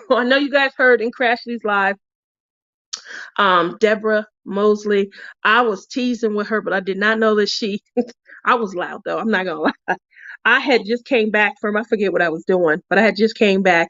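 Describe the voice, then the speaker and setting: A woman's voice: mid-range voice, fairly bright tone, dry recording. A woman hosting a craft channel in casual chat, talking freely and laughing often. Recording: dull, dry lo-fi recording.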